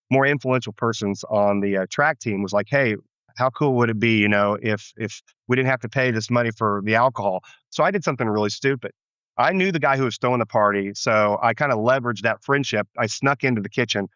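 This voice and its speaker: A pastor recounts his past in an interview, his voice a little low and earnest, circling back on his words as he thinks aloud. The sound is dry and close but dull, like a lo-fi recording. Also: a bit bright, dry recording. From United States. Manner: earnest, reflective, many restarts. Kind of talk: storytelling interview answer.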